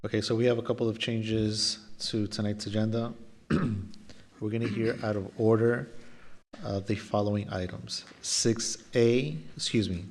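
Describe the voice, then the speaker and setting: A man acting as a city official who lays out agenda changes at a commission meeting, in a businesslike, polite way. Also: lowish voice. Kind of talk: formal procedural briefing.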